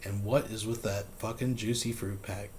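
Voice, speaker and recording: A man's voice: lowish voice, fairly even intonation, moderate pace, a little hiss or hum. A man hosting a reaction show, giving mocking, incredulous commentary on a livestream. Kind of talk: sarcastic commentary.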